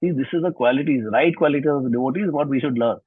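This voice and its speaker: A man's voice: mid-range voice, fast talker, husky, dry recording. A man telling scripture stories in an online lesson, explaining, repeating and rephrasing as he goes, on a video call. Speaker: scripture teacher. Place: online session from home. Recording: tinny video-call line.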